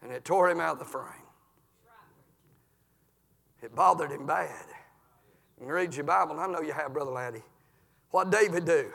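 A man preaching an impassioned sermon in a church, dropping to low murmurs and climbing to shouted peaks. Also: moderate pace, vocal fry, pauses often, big-room sound.

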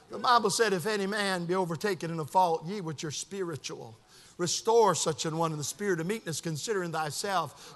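A man pastor preaching a sermon with fervor, moving between shouted praise and hushed, quiet asides. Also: on the high side, big-room sound.

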